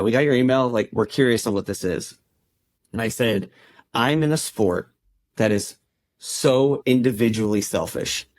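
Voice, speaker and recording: A man's voice: on the low side, no echo. A man as a podcast guest, telling a personal story in a conversational way and acting out what people said to him. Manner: conversational, acts out quoted dialogue. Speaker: podcast guest, endurance club founder.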